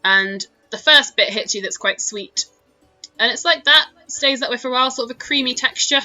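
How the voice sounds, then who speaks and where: British woman, game master, bright voice, chatty narration, faint music. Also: high-pitched, moderate pace, lo-fi sound. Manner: chatty, laughing, lots of fillers. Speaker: dungeon master.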